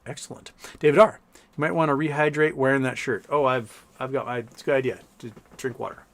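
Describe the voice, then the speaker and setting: A man's voice: mid-range voice, fairly even intonation, fairly quick, fairly bright tone. A man hosting a casual livestream who rambles, reads viewer comments aloud and laughs often. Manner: rambling, laughs often, mimics people in quotes. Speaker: livestream host. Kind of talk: casual livestream chat reading super chats.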